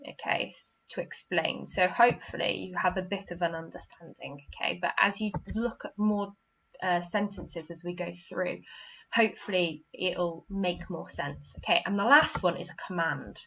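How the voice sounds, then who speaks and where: A woman's voice: on the low side, moderate pace, pushed and bright, lo-fi sound, a little hiss or hum. A woman teaching a primary school literacy lesson, patiently repeating "okay?" and acting out example sentences with expression. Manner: patient, repeats "okay?" after each point.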